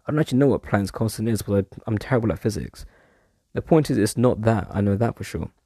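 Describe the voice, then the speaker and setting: A man with a gravelly, low-set voice rambles through a casual solo monologue. His tone is mellow, and he drifts off topic and swears in passing. The sound is dry and close. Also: animated, quick pace, no room sound.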